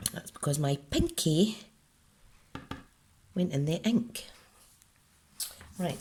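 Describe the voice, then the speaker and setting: Scottish woman, relaxed unhurried craft demonstrator, chatty and self-narrating. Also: deep voice, noisy background. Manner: chatty, talks herself through each step. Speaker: card-making demonstrator. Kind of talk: casual crafting tutorial.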